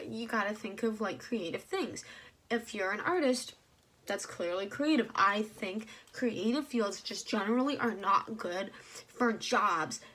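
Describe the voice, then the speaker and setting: A young woman vlogging to her channel, animated and rambling with many fillers, heated and frustrated. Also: on the high side. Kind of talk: casual ranting vlog.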